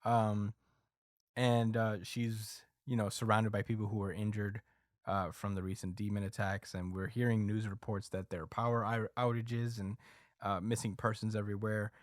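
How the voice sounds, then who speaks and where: A man hosting a podcast, casually recapping a story with lots of fillers and quick acted quotes. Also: fairly low pitch, little pitch movement, no room sound, studio quality. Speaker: podcast host recapping a manga chapter. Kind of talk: casual chat.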